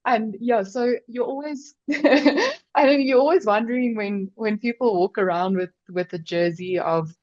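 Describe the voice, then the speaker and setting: A woman's voice: a little high, unhurried, darkish tone, no echo, dull audio. A South African woman co-hosting a rugby podcast, chatting casually and telling stories with frequent laughs. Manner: chatty, storytelling, laughs often. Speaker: podcast co-host. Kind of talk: casual chat.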